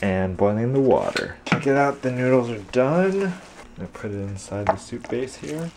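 Young man, twenties, casual daily vlog, chatty, laughs a lot, mid-pitched voice, handheld camera. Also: sing-song, heavy background noise. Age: 20s. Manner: chatty, laughs often, asks quick questions. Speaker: vlogger. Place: home kitchen, indoors.

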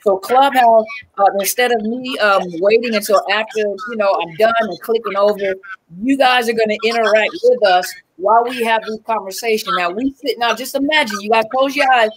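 A Southern woman talks to her livestream viewers in a relaxed, chatty way, greeting people by name and filling pauses with ums. Her voice sits on the higher side, and a faint hiss runs under the webcam recording. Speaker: livestream host and coach. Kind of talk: casual livestream chat.

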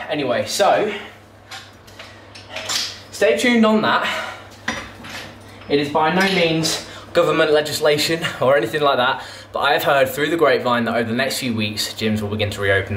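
Man rambling in echoey garage. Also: medium pitch. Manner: chatty, rambling, self-correcting. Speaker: fitness vlogger. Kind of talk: casual chat between gym sets. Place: home garage gym. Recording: echoey garage with loud background noise.

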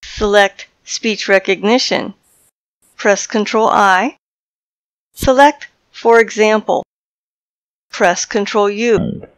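A woman presenting a software tutorial, dictating voice commands in a clipped, deliberate way into a headset microphone. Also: medium pitch, no echo, rough recording.

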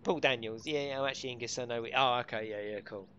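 A man's voice: medium pitch, quick pace, bright, forceful tone, dull audio, a little hiss or hum. A middle-aged man, live-streaming a racing game and bantering and swearing with his chat. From United Kingdom.

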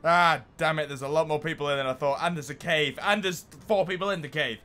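A young man giving excitable gameplay commentary, yelling at enemies and laughing as he plays. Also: fairly high pitch, a little fast, faint music behind. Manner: excitable, swears mildly, often laughs and yells at enemies. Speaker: gaming YouTuber.

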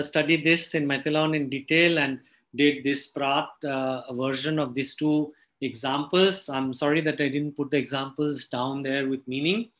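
A middle-aged man giving an academic linguistics lecture, halting speech with frequent fillers and restarts. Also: fairly high pitch, a bit bright. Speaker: linguistics professor giving a talk.

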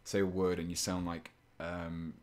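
A very low-pitched man talks into a desk microphone as he paints on a live stream. He thinks aloud in a loose, rambling way. He keeps teasing himself in a playful tone. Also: monotone, unhurried, darkish tone. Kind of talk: casual live-stream chat.

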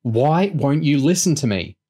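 A man's voice: mid-range voice, animated, normal speed, voice pushed up, close to an everyday voice. Chloe, a frazzled woman officer voiced by a man. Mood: exasperated shouting. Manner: shouting, urgent, exasperated. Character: exasperated woman intelligence officer, insistent, sharp-tongued.

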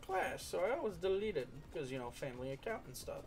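A man's voice: fairly high pitch, big pitch swings, fast, few pauses, darkish tone, soft background music. A young man giving playful, casual commentary over a game he is playing, singing along and slipping into goofy voices. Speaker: gaming streamer.

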